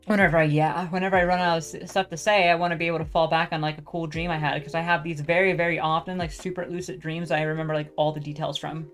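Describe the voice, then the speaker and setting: Rambling low-voiced woman, casual yap. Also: little pitch movement, fast talker, few pauses, faint music behind. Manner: meandering, full of fillers and restarts, swears casually. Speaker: podcast host.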